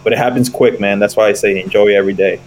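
A man's voice: lowish voice, fairly even intonation, fast, darkish tone, a little hiss or hum, low-quality recording. A man who plays pro baseball, talking earnestly about his dad in a casual chat. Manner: earnest, reflective.

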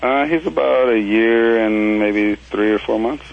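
A man's voice: fairly low pitch, unhurried, gravelly, lo-fi sound. A man from Minnesota calling in to a radio show about his dog, hesitant and full of ums. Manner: hesitant, lots of ums, laughs easily. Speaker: caller. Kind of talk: phone-in call.

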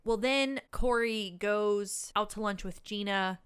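Slow and clean-toned at a medium pitch, this woman co-hosts a podcast where she casually goes over a film. She narrates in a lively way, voicing the characters' quoted lines herself.

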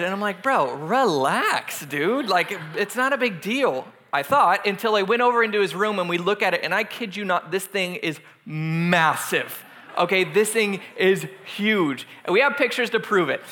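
A man in his thirties, a youth pastor telling a lively personal story in a sermon, acting out the screams as he goes. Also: sits high. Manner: animated storyteller, acts out screams.

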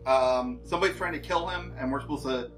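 A man's voice: mid-range voice, fast talker, a bit bright, soft background music. A man playing a tabletop game, speaking plainly with some hesitation. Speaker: player. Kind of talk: casual tabletop game chat.

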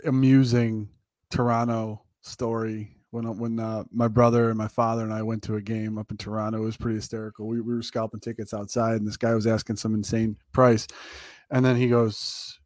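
A man's voice: on the low side, fairly quick, no echo. Chuckling male anecdote teller, dry sound. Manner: lively anecdote teller, laughs often. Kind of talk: casual sports chat.

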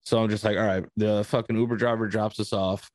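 New dude ranting a story on his podcast, kinda low voice, swears a lot, dry close sound. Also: flat delivery, a little fast, darkish tone, no room sound. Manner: profane, rambling storyteller. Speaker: podcast host. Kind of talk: casual podcast chat.

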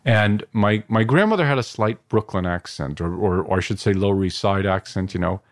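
A middle-aged New York filmmaker, appearing as an interview guest, reflects at length in a lowish, brisk voice with no room sound. His talk is digressive, full of restarts and asides.

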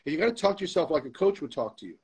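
A man's voice: a little high, sing-song, racing, gravelly, a little mellow, husky, rough recording. A man being interviewed as a guest, telling a candid story with emphatic, motivational repetition. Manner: emphatic, motivational, repeats phrases for stress.

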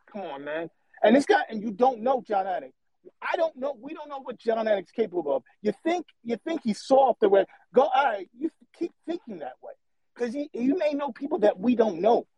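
A man with a fairly high voice calls in to a show and delivers a long, heated, rambling take, circling back over his points. His voice sounds dry and close, with no room around it. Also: darkish tone, no room sound, rough recording. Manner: passionate, rambling, repeats himself. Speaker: caller. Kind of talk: opinionated call-in rant.

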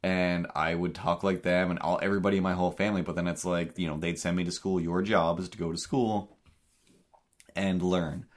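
Podcast co-host, male, Cape Breton accent, very deep voice, rambling casual talk full of fillers. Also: level tone, brisk. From Cape Breton, Canada. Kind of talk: casual chat.

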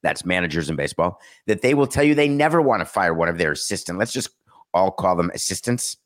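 A man's voice: low voice, animated, fast talker, a bit bright. A middle-aged man hosting a sports talk show, commenting casually with sarcastic, mocking asides. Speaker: sports talk podcast host.

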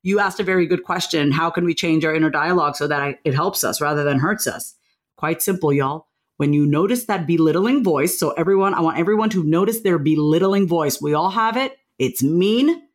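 A woman, speaking as a guest in a casual interview and stressing key points by rising in pitch. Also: fairly quick.

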